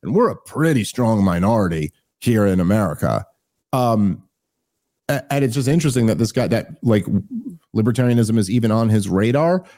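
Guy hosting a podcast, rambling jokey political chat, lots of swearing, dark mellow voice. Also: lowish voice, expressive, moderate pace. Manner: rambling, joking, profane, with fillers. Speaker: podcast host. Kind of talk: casual comedic political chat.

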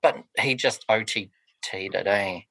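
A man's voice: lowish voice, a little slow, gravelly, sharp tone, dry recording. A man co-hosting a casual film podcast, giving blunt, opinionated takes. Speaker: podcast co-host.

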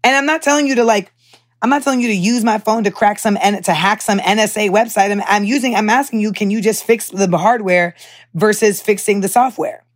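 A young American woman hosts her podcast in a loose, chatty monologue. She talks with an American accent and animated, heated asides, and her voice sits at an ordinary middle pitch. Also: brisk. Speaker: podcast host. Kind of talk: casual storytelling monologue.

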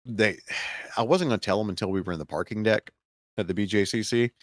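A man's voice: on the low side, fairly quick, no echo, studio quality. A man with a Southern American accent, hosting a casual podcast chat and telling a rambling story full of fillers. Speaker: podcast host.

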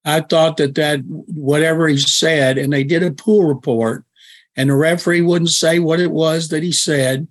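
Male football columnist, higher-pitched voice, blunt and emphatic opinions. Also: fairly even intonation, normal speed. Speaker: football analyst guest and columnist. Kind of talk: sports talk radio discussion.

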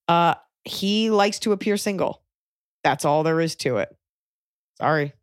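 A woman's voice: sits low, expressive, unhurried, no echo, clean studio sound. A woman hosting a podcast, giving frank advice in casual chat with joking asides. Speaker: podcast host.

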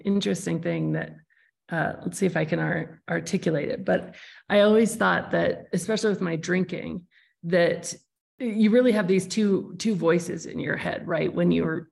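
A woman's voice: lowish voice, vocal fry, a little mellow. A woman hosting a podcast interview, talking in a thoughtful, searching way with frequent restarts. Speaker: podcast host. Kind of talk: reflective conversational interview.

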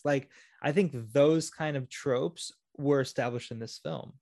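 A man with a somewhat high voice discusses a movie on a podcast. He thinks aloud in a relaxed way, with little hesitations. The recording is close and dry. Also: normal speed, hardly any pauses, no room sound. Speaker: podcast co-host.

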